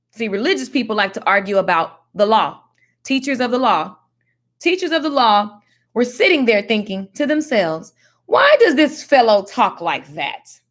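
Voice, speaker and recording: A woman giving casual Bible teaching in a slangy, animated, preachy way. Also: a little high. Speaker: faith teacher.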